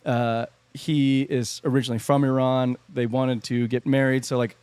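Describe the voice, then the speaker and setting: A man's voice: mid-range voice, level tone, moderate pace, darkish tone, smooth, dry recording. A man co-hosting a podcast, telling a story casually with lots of fillers and laughter. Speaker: podcast co-host. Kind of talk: casual chat.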